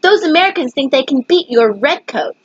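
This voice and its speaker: A woman's voice: high voice, lively intonation, normal speed, dry recording, muffled recording. A woman voicing a nervous royal advisor anxiously reporting to a king, read from a storybook.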